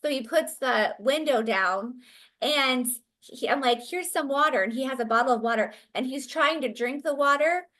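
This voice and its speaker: A woman's voice: high-pitched, moderate pace, fairly bright tone. Earnest woman guest recounting a story. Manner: earnest, with many fillers and restarts. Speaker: interview guest. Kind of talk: conversational storytelling.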